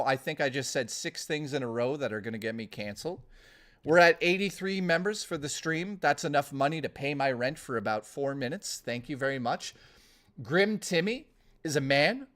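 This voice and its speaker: Excitable, foul-mouthed man livestreaming. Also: fairly high pitch. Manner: profane, excitable ranting; jumps topic to topic. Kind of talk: casual livestream chat.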